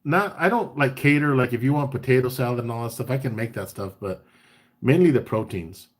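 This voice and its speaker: A man hosting a casual live-stream chat. He talks in a relaxed, chatty way, reads out viewer comments and gives tips between bits of banter. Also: medium pitch, brisk. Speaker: barbecue caterer and live chat host.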